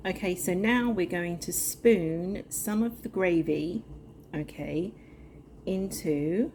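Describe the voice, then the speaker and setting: A woman's voice: fairly low pitch, noisy background. A middle-aged woman giving a chatty cooking demonstration from her home kitchen, talking straight to the viewer. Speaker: cooking vlogger.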